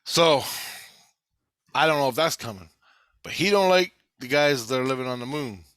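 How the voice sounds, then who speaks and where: A half-awake man rambling through a profane, casual story, quoting others in quick asides. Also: medium pitch, lively intonation, a bit bright, smooth, dry recording, clean studio sound. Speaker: video maker. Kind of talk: casual chat.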